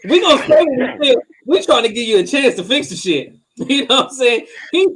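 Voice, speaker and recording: A man co-hosting a casual relationship podcast. He is animated and profane, and drops his voice low when he acts out things said to a partner. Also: a little fast, a little hiss or hum, poor audio. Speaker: podcast co-host.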